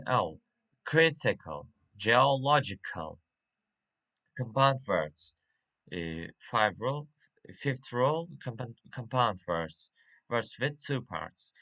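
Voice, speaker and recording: Slow guy explaining word stress rules, bright voice, keeps stumbling and restarting. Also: on the low side. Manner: halting, with many uhs and restarts. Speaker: English teacher. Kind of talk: reading a pronunciation lesson.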